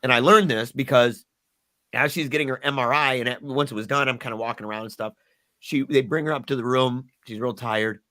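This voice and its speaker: A man's voice: medium pitch, fairly even intonation, sharp tone. Earnest man telling a hard story. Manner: earnest, halting, repeats words when moved. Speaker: podcast guest. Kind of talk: emotional personal storytelling.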